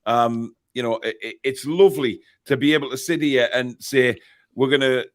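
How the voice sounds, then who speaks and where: A man's voice: medium pitch, moderate pace. A man with a Geordie accent hosting a casual football chat on a live stream, reading out viewer messages. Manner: chatty, reads out viewer messages. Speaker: podcast host. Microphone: desk mic, live stream.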